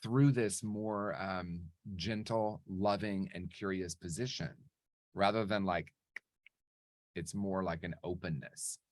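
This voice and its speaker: An earnest man speaks with a lowish voice and tells his story in a lively, conversational way, often pausing to ask "right?". The sound is dry and close, with no room echo. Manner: earnest, animated, frequent "right?" asides. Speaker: guest speaker on recovery.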